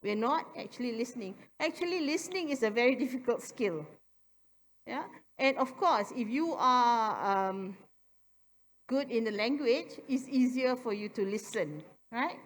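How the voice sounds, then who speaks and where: A woman's voice: on the high side, animated, normal speed. A middle-aged woman from Malaysia, giving a public talk at a job fair and checking in with her listeners with frequent tag questions. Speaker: guest speaker at a job fair. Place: large convention centre hall. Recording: long hall reverb.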